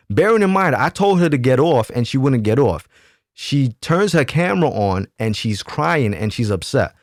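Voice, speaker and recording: A man recounting a story straight to camera in a casual, emphatic way. His voice sits at an ordinary middle pitch. The sound is close and dry, with no room in it. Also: very animated, moderate pace, dry recording. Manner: emphatic, keeps asking "right?". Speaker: YouTube commentator.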